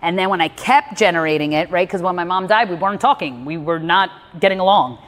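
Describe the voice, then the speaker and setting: A woman's voice: on the low side, a little fast, long reverb tail. A woman giving candid one-on-one advice in a blunt, emphatic way, swearing freely. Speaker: personal growth speaker coaching a listener.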